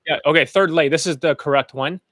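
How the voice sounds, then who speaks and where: A man's voice: fairly high pitch, brisk, fairly bright tone, no echo, studio quality. A man coaching students in dating, talking bluntly and profanely over testimonial clips in a loose, rambling way.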